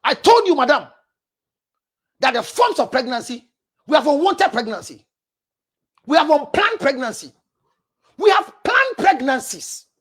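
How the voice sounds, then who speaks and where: High-voiced scolding Ghanaian woman counselor. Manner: forceful, scolding, often shouting. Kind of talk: preaching relationship advice to camera.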